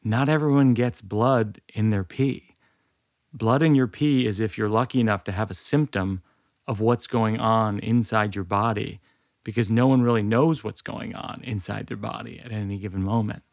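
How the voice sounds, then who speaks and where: A man's voice: lowish voice, fairly even intonation, normal speed, vocal fry, a little mellow, dry recording. A man in his forties, a podcast host, reading a personal story aloud in a dry, wry way with self-aware asides. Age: 40s.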